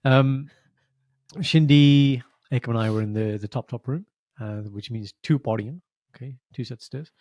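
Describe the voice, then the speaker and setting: A man's voice: mid-range voice, normal speed, a little mellow, dry recording. A man co-hosting a podcast in casual chat, teasing and joking while a little under the weather. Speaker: podcast co-host.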